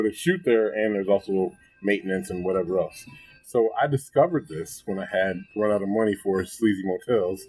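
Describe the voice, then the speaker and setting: Husky-voiced man telling stories, laughing a lot. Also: poor audio. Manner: animated, laughs often, jumps to high pitch when excited. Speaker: podcast guest. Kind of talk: casual storytelling. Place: restaurant table.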